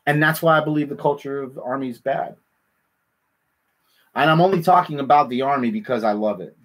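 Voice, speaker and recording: A man hosting a casual chat, rambling and animated, often repeating himself. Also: medium pitch, fairly quick. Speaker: podcast host.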